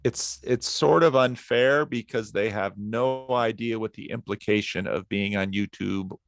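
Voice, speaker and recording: A man's voice: lowish voice, measured pace, no room sound. A middle-aged man from northern New Jersey, a pastor chatting casually as a podcast guest and telling easygoing anecdotes. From northern New Jersey, outside New York City.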